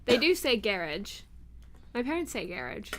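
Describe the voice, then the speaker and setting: Bright, teasing woman. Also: fairly high pitch, very animated, normal speed, a little hiss or hum. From Canada. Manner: teasing, playful. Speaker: co-host reading chat. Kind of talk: casual livestream chat.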